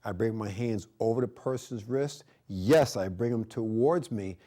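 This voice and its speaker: Energetic, preachy karate-teaching man. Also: lowish voice, unhurried. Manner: energetic, preachy, repeats himself, shouts kiai cries. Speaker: karate instructor and show host. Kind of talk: martial arts lesson with motivational talk. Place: TV studio.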